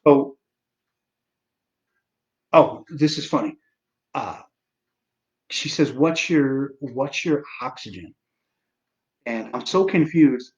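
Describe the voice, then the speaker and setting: A man's voice: mid-range voice, highs cut off. A man in his forties hosting a live stream, telling a story in a rambling, profane way full of restarts and asides. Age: 40s.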